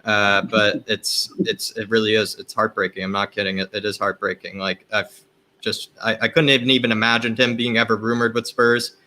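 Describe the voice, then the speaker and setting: A man's voice: on the low side, level tone, moderate pace, pushed and bright, slight background noise. A man speaking as a guest on a casual fan stream, melodramatic and self-mocking. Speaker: guest panelist. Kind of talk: casual live-stream chat.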